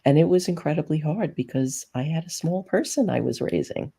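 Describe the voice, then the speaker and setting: Very low, gravelly middle-aged woman host. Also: a little fast. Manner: relaxed, reflective, short affirmations. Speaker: interview host. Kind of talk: casual interview chat.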